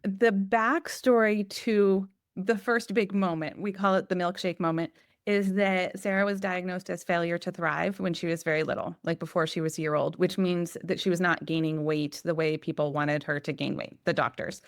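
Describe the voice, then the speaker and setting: A mother in her forties, a podcast guest, telling a story with lively acted-out quotes. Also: lowish voice, moderate pace, dry recording, studio quality. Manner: animated, acts out quotes. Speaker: guest, parent. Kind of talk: casual storytelling.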